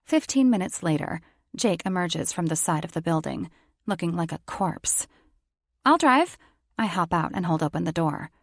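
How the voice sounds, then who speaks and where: A woman's voice: on the low side, normal speed, creaky, darkish tone, no room sound, clean studio sound. A woman reading a first-person romance audiobook in a wry, confiding voice. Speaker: audiobook narrator.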